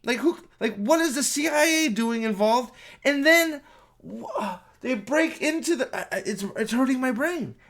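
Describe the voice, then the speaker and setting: A high-voiced man rants through a spoiler movie review, swearing freely and tripping over his own restarts. He talks from home in an exasperated, incredulous way. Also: animated, measured pace, a bit bright. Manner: profane, exasperated ranting with many restarts.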